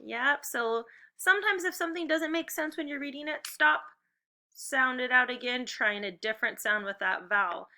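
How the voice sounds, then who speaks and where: A woman teacher with a very bright, sharp-edged voice pitched a touch high leads first graders through phonics drills. She calls out sounds slowly and crisply and cheers them on as they go. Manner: slow, clearly enunciated drill prompts; encouraging, upbeat praise. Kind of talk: phonics lesson video for students at home.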